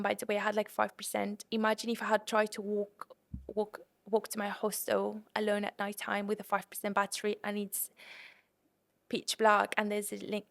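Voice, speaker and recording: A young woman hosting a podcast, telling a travel story in an animated way and acting out her own panicked lines. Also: mid-range voice, vocal fry. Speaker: podcast host.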